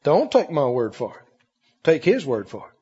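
Preacher with a lively, soaring voice. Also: male voice, moderate pace, slightly rough. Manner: preacherly call-and-response, swinging from loud high cries to low murmurs. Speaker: pastor. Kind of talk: sermon. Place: large church hall. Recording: muffled recording with long hall reverb.

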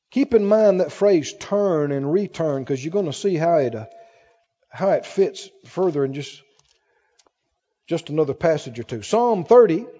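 Fervent high-voiced male preacher in a hall. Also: warm tone, highs cut off. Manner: fervent preaching, reading scripture aloud with rising emphasis. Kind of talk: sermon. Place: church with congregation.

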